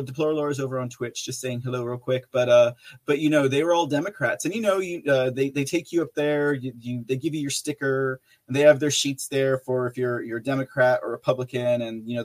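With a mid-range voice, a man hosting a live podcast stream casually chats with viewers and reads their messages aloud. He laughs frequently and rambles, with lots of fillers and restarts.

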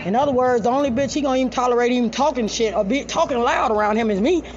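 A woman telling a story in a loud, profane, animated rant. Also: on the high side, very fast, muffled recording, noisy background. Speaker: storyteller vlogger.

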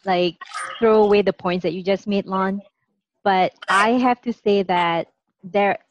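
Brief: woman co-host, careful and halting delivery, dull lo-fi recording with no room sound. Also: medium pitch, no echo. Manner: hesitant, careful, many restarts. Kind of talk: casual chat.

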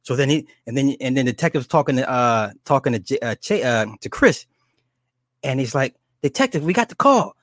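Profane, animated man retelling a movie. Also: medium pitch, brisk, no echo, clean studio sound. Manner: animated and profane, with many restarts and acted quotes. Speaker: storyteller recounting a horror movie. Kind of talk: casual rambling plot retelling.

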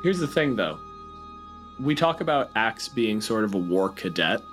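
A man's voice: on the low side, sing-song, normal speed, music in the background. A man hosting a casual book-club podcast, recapping the plot in a blunt, profane way. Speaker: podcast host.

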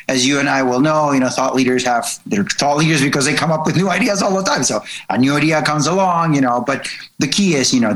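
A man's voice: medium pitch, poor audio. A man who is a marketing consultant, explaining his approach earnestly in a casual interview, repeating words and using many fillers.

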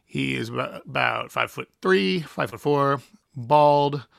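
A man's voice: mid-range voice, lively intonation, a little slow, gravelly, dry recording, studio quality. A young adult man, a guest musician, telling a rambling story with lots of fillers and laughs. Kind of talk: casual anecdote telling.

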